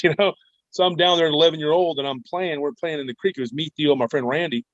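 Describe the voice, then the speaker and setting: Male guest, rambling animated storyteller, mid pitch, dry muffled remote line. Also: fast, no echo. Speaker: guest cryptid researcher. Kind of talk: storytelling interview. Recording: dull dry remote recording.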